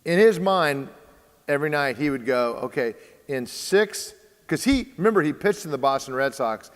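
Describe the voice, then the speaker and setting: A man's voice: on the high side, animated, normal speed. Storytelling man in a reverberant hall. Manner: storytelling, acts out quoted dialogue, many fillers. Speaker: baseball training host. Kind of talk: casual podcast conversation.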